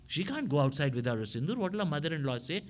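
A man, a spiritual teacher telling stories in a sermon with animated delivery and frequent tag questions to his listeners. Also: fairly high pitch, very fast, slight background noise. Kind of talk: storytelling sermon.

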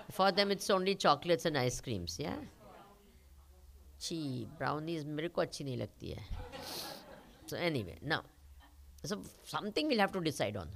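Indian spiritual teacher with lively, gravelly voice. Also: female voice, low voice. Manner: questioning, rhetorical, uses call-and-response. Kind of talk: spiritual talk to a live audience.

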